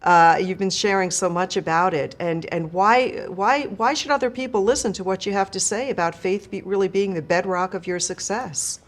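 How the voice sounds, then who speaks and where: A woman's voice: medium pitch, steady tone, moderate pace, hardly any pauses. A woman hosting a podcast interview, asking her guest questions in an encouraging way. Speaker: podcast host.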